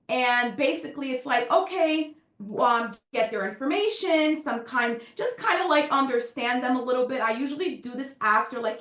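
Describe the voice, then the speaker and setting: A woman real estate trainer giving a slide presentation to agents, animated and acting out client dialogues. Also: high voice, reverberant.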